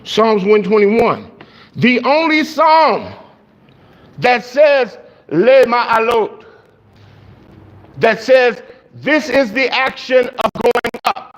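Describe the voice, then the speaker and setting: A man preaching a sermon in a church, his voice sitting notably high for a man. He talks emphatically and gets excitable, jumping higher in pitch when he drives a point home. He speaks into a handheld microphone. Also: extremely slow, long pauses, lo-fi sound.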